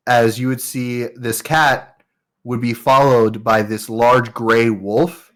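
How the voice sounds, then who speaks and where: Man, game master, tabletop narration, rambling, unhurried, mid-pitched. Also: little pitch movement, fairly bright tone. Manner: loose, rambling, filler-heavy.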